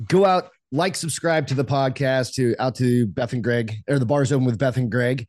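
A relaxed man co-hosts a casual chat podcast, talking in an easy, unhurried way with a few stumbles. His voice sits in an ordinary middle pitch. The sound is close and dry. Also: no room sound. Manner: relaxed and easygoing, with small restarts and fillers. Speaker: podcast co-host.

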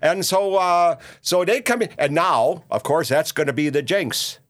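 A man's voice: on the high side, unhurried, a bit bright. An actor playing a rambling, boastful older male ex-radio talk show host with a Minnesota accent, in a comedic monologue. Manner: rambling, boastful, folksy, lots of "you see" and "uh".

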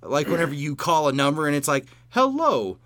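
A man's voice: fairly high pitch, little pitch movement, fast talker, fairly bright tone, no echo. A man co-hosting a podcast, chatting casually, laughing often and swearing now and then. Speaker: podcast co-host.

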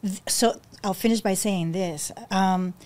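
A woman guest telling stories in an interview, acting out quotes with big swings in her voice. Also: a little mellow. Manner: acts out quotes with big pitch jumps, emotional, fast restarts. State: near tears. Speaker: podcast guest, rescue founder. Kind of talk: animated storytelling in conversation.

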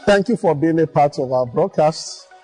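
A man closing a church broadcast with a calm, inviting altar call. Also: a little high, moderate pace, faint music behind. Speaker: broadcast minister.

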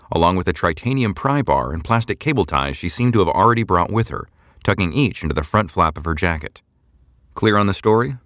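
A man narrating a science fiction audiobook in a measured, expressive storytelling style, recorded on a close studio mic. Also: low-pitched, no echo.

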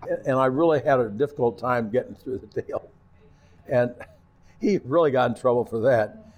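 An older man spins stories from his years as a TV announcer. He speaks at an ordinary pitch for a man and throws himself into the voices of the people in each anecdote. It is a relaxed, chatty interview. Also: moderate pace. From Missouri. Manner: animated anecdotes, acting out voices. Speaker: retired TV announcer. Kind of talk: storytelling in a casual interview.

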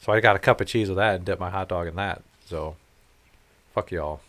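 A man's voice: low voice, brisk, fairly bright tone. A man co-hosting a casual podcast, telling rambling, profane stories with laughs. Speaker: podcast co-host. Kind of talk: casual chat, storytelling.

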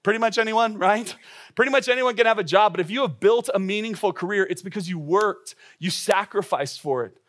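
A man's voice: high-pitched, fairly bright tone. A man giving a sermon as a pastor. He speaks with urgency, asks the listeners direct questions and often restarts his words. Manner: earnest, urgent preaching with frequent quick restarts. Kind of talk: sermon to young adults.

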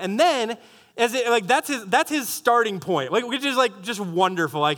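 High-voiced joking pastor preaching. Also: male voice, brisk. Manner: jokey, animated, often restarts and laughs at his own asides. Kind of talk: sermon.

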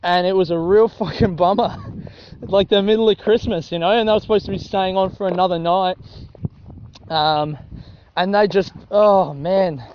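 A young Australian man chatting casually while walking along a grassy rural track, swearing often and laughing at his own jokes. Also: sits high. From South Australia. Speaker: vlogger. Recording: dull lo-fi audio with faint noise.

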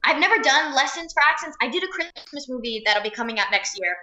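The young actress from New Jersey speaks in a high, expressive, pushed and bright voice, talking fast during a casual interview. She laughs often and fills her speech with "like" and "um", and the recording is rough and reverberant.

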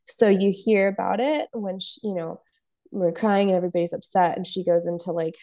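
A woman in her thirties talks earnestly as a podcast guest, explaining through personal stories and laughing often. Her voice sits low and sounds dark and mellow, with a gravelly fry running through it. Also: brisk. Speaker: podcast guest, palliative nurse practitioner. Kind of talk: candid conversational interview.

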